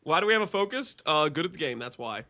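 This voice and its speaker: Male game streamer, bright and sharp tone, a bit high-pitched, teasing banter with chat. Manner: excitable, teasing, quick to laugh and banter with chat. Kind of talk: casual live gameplay commentary to chat.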